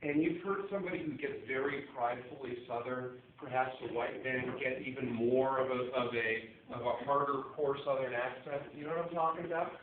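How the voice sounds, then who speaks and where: A man's voice: medium pitch, steady tone, brisk, few pauses, distant mic. A man giving an earnest, explanatory talk to a bar audience, now and then asking them questions. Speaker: speaker performing for a bar audience. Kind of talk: casual spoken monologue. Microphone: phone recording from a distance. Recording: tinny, echoey phone recording from afar.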